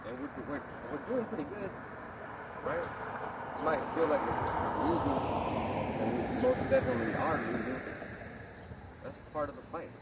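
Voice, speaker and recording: A man's voice: a little high, sing-song, unhurried, long pauses. A man preaching in a casual street-sermon manner, emphatic and crude, with heavy profanity. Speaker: lay preacher. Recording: distant mic with loud outdoor traffic noise.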